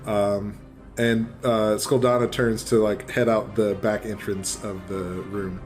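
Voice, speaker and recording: A man running a tabletop game as dungeon master, narrating with many pauses and fillers. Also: on the low side, little pitch movement, a little mellow, faint music behind. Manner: hesitant, full of fillers.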